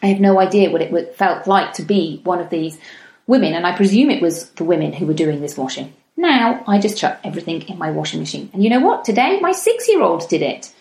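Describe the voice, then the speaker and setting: A woman in her thirties, hosting a reflective solo podcast talk in a gentle, chatty manner, slowing down to stress her points. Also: lowish voice, big pitch swings. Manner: gentle, chatty, slows down for emphasis. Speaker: podcast host. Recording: echoey room.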